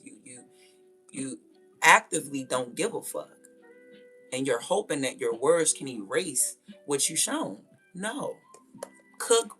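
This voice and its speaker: A woman's voice: low voice, gravelly, a bit bright, breathy edge. A young woman hosting a livestream, ranting bluntly and confrontationally with lots of profanity. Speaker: livestream host. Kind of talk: casual livestream rant.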